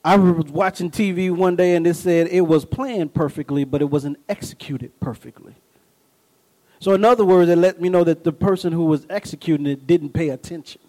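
A middle-aged male pastor with a high voice, preaching a sermon. He moves from folksy storytelling and call-and-response asides into animated, emphatic bursts that climb in pitch. His delivery is lively and personal, like he is talking straight to the congregation. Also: normal speed, rough recording.

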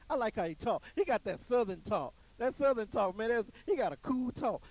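A man's voice: very high-pitched, sing-song, moderate pace, darkish tone, rough recording. A man telling a story to an audience in an emphatic, preachy way, often repeating his phrases. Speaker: commentator on church life.

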